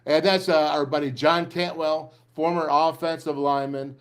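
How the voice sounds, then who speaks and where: A man's voice: fairly high pitch, fairly even intonation, normal speed, smooth. A middle-aged man hosting a sports talk show, ranting emphatically and reading ads, repeating phrases for punch. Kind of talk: fired-up sports talk and live ad reads.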